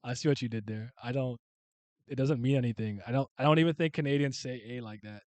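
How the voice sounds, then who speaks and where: Smooth-voiced young man rambling casually. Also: mid-range voice, fast, no echo. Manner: rambling, profane, with sudden loud shouts. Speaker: streamer ranking favorite comic and anime characters. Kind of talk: casual unscripted commentary.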